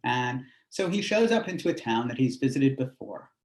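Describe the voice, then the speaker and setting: A man's voice: medium pitch, big pitch swings, moderate pace, darkish tone. A man, a rabbi, telling a teaching story in a conversational way with fillers and asides. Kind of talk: storytelling lesson.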